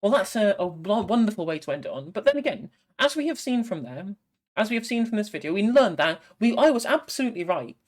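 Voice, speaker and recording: A commentator narrates a video at a fast clip, laying out criticisms assertively. The voice sits in a middle pitch. The tone stays pointed and sure. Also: big pitch swings.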